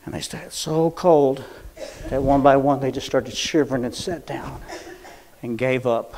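A man preaching a Pentecostal sermon in church, swinging from hushed storytelling to fervent shouting. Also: medium pitch, steady tone, unhurried, slight background noise.

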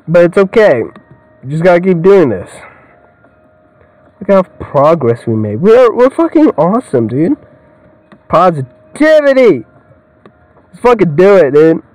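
A man's voice: high voice, very animated, normal speed, a little mellow, no echo, low-quality recording. A young man giving rambling, joking let's-play commentary, swearing a lot and laughing often. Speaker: gamer.

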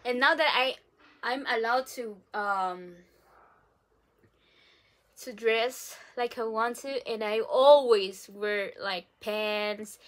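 A young woman from the Philippines telling personal stories to camera in a casual, animated way, full of fillers and laughter, calling herself dramatic. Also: mid-range voice. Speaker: vlogger.

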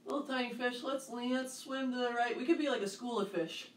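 A woman's voice: fairly high pitch, a little fast, few pauses, reverberant, recorded from a distance, slight background noise. A woman coaching a home workout for kids, upbeat, counting reps and cheering the children on. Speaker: fitness coach. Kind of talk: kids' home workout class. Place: home, near a hallway.

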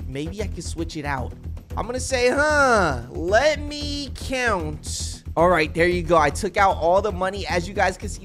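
A woman gaming YouTuber giving excited roleplay commentary, exclaiming and acting out chat lines. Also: lowish voice. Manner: animated, exclaiming, reads out and acts chat lines in a dramatic voice.

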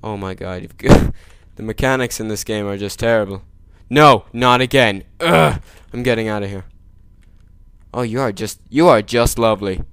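A man doing gameplay commentary, joking, making sarcastic asides and yelling at the game. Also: lowish voice, moderate pace, smooth, no room sound. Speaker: let's play gamer.

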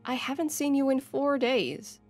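A woman voicing a gruff, shape-shifting female elf warrior who talks in terse, growled, commanding lines. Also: high voice, animated, a little slow, darkish tone, soft background music, voice pushed up.

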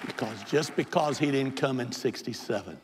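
A man's voice: mid-range voice, normal speed, crowd noise, noisy background. An older man, a bishop, preaching an impassioned Pentecostal sermon and altar call in a large church sanctuary. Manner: impassioned, pleading preacher who builds to hollering. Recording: long hall reverb in a big church.

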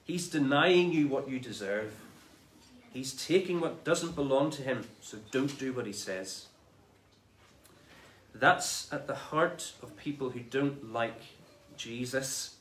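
Male preacher, casual lively sermon delivery, mid-range voice, roomy church sound. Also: medium pitch, slow pace, a little hiss or hum. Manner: conversational, animated retelling of scripture in everyday speech.

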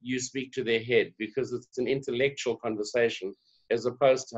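A South African man telling stories in a podcast interview, voice sitting at a middle pitch. He slips into little voices to act out the people in his anecdotes. The recording is somewhat dull and lo-fi. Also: fairly quick. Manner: animated, acts out dialogue in voices. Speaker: guest, diversity trainer. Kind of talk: conversational storytelling.

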